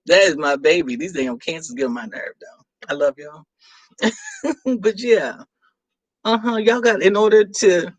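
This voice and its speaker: A chatty, teasing middle-aged woman with a medium-pitched voice hosts a live stream, reading viewer comments aloud and laughing often between remarks. Her voice is close and dry, right against the mic, with no echo or room sound.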